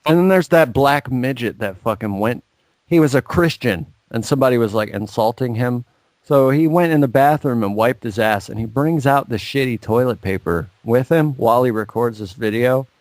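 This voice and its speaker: A man's voice: medium pitch, moderate pace, a little mellow, dry recording. A man co-hosting a podcast in casual chat, telling rambling stories and swearing freely. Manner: profane, rambling storytelling. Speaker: podcast co-host. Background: faint music.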